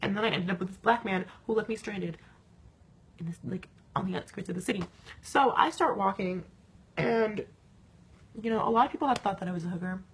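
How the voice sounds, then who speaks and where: A woman's voice: mid-range voice, a little fast, pauses often, husky. A young woman recounting a night out in a casual vlog, swearing often and filling her talk with "like". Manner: animated, swearing, many fillers.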